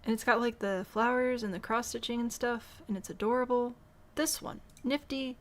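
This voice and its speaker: A young woman from Michigan, mild Midwestern accent, casually talks through her game building on a live stream while answering chat and thinking aloud. Her voice is a little high, with fairly even intonation at normal speed.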